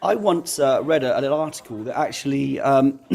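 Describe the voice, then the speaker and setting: Relaxed man co-hosting school radio. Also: medium pitch, normal speed, vocal fry, slightly rough, soft background music. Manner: relaxed, filler-heavy. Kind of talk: casual live chat.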